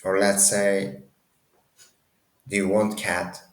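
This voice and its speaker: Deep gravelly guy teaching a language class, slow and echoey. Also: little pitch movement. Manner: halting, many restarts and self-corrections. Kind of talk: casual language lesson.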